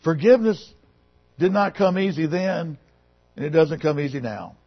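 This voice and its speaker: A man preaching a sermon, swinging between loud emphatic phrases and quiet, lowered passages, reading scripture to his congregation. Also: lively intonation, moderate pace, slightly rough. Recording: muffled, lo-fi recording.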